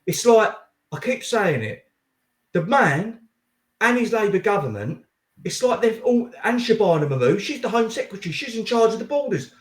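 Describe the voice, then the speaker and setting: A man's voice: sits high, sing-song, moderate pace. A man hosting a casual political chat, heated and blunt, swearing and saying mate often. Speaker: podcast host. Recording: echoey room.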